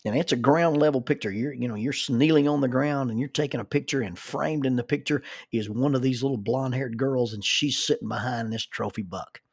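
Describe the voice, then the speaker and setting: Middle-aged man, folksy storyteller, gravelly and a bit husky, dry close sound. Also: medium pitch, fairly quick, few pauses, no echo. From southern United States. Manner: folksy, repeats words when starting sentences. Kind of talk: personal storytelling.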